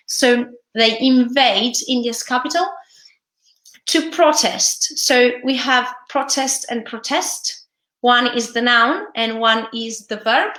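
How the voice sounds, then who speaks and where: An Italian-accented woman teaching English, reading a news piece aloud and stopping to explain words. Her voice is bright and a little high, and she pauses often with fillers and restarts. The sound rings in a roomy space. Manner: hesitant, many fillers and restarts.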